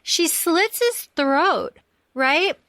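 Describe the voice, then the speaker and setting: A woman's voice: very high-pitched, lively intonation, very slow, sharp tone, no room sound. A woman co-hosting a podcast, rambling enthusiastically about a movie and swearing freely. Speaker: podcast co-host. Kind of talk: casual film discussion.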